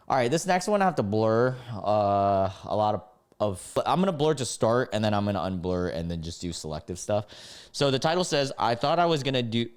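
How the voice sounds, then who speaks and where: A man reading out text messages in a low mutter and reacting with mocking, exasperated commentary. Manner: mocking, exasperated, reads texts in a flat mutter. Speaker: streamer reading posts.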